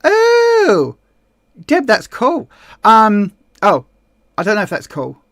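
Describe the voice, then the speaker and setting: In a studio-quality, dry recording, a Hampshire woman with a southern English accent hosts a casual livestream. Her mid-range voice is a bit bright, swinging widely in pitch at a measured pace. She reads viewer comments and chats in a rambling, friendly manner full of ums and repeated words.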